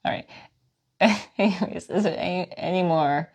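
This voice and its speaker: A woman co-hosting a loose live-stream chat, her voice a little low and full of gravel. She rambles and giggles easily, keeping things relaxed. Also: moderate pace. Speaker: co-host.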